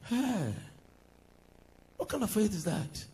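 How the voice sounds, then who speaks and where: Husky Ghanaian man preaching sing-song. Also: sits high, sing-song, slow pace, warm tone. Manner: switches between English and Twi, sing-song, laughing asides. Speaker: pastor. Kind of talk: sermon.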